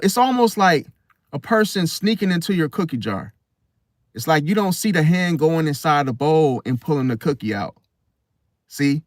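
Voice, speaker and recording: Emphatic man with a fairly high voice. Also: no echo, clean studio sound. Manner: emphatic, keeps asking "See?", repeats phrases. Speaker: astrology channel host. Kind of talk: casual monologue to camera.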